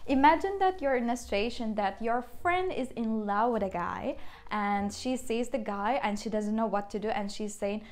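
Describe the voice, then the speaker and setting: A woman's voice: fairly high pitch, moderate pace. A young woman with a Turkish accent, a native Turkish speaker, chattily teaching common phrases with examples. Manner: chatty and upbeat, explains with examples. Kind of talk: casual video lesson.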